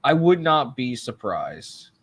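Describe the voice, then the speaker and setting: A man's voice: mid-range voice, sing-song, takes it slowly, slightly rough. Man making confident predictions. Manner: confident predictions, filler-heavy. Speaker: podcast co-host. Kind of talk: casual chat.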